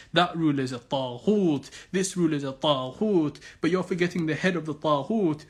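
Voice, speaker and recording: A man giving impassioned religious commentary, firing off sarcastic rhetorical questions. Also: a little high. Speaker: Islamic commentator.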